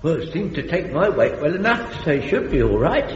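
An actor playing an eager, muddled older soldier who talks in a high, quavering, earnest way. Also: male voice, very animated, brisk. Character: fussy old male butcher-soldier, eager and muddled. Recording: dull, roomy sitcom soundtrack with long reverb and faint noise.

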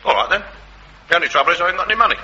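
An actor playing a self-pitying, wheedling tramp and former soldier in a comedy sketch, with working-class speech. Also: male voice, high-pitched, lively intonation, very fast, bright, forceful tone, husky, dull audio, exaggerated voice. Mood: scrounging.

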